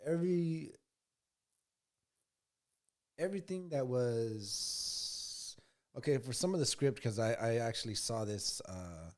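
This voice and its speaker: Lowish voiced guy chatting about a movie, rambles, lots of uh and you know. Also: darkish tone. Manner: rambling, lots of fillers and repeats. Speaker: co-host. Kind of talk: casual movie review chat.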